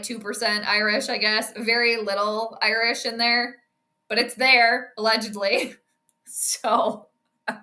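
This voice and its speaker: Young woman streaming a game live, chatty and reactive, bright and a bit high. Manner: chatty, reacts loudly to plays, talks to viewers. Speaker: astrology sports streamer. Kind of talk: casual live game commentary.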